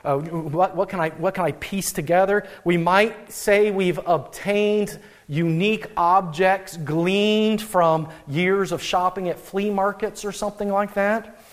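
A young adult man, a pastor, giving a conversational, animated sermon with frequent restarts. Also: sits high, unhurried.

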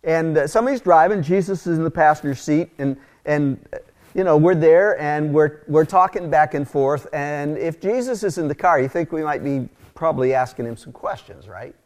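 A middle-aged man preaches in a relaxed, conversational way, slipping into storytelling and casual asides. His voice sits a little high, and he talks with lively energy. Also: normal speed. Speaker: pastor. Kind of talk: conversational sermon.

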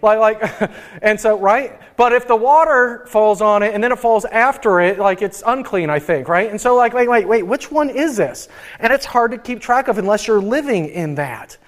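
A man's voice: high voice, expressive, moderate pace. A young adult man preaching a sermon, telling a Bible story with playful voices and asides. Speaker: pastor.

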